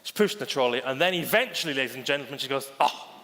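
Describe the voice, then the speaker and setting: A man's voice: mid-range voice, animated, very fast. A man giving a conference keynote as a bank digital chief, theatrical and storytelling, calling out to the audience and acting out quoted voices. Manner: theatrical, addresses audience as ladies and gentlemen; acts out anecdotes with quoted voices. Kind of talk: keynote presentation. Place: conference stage. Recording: reverberant conference hall.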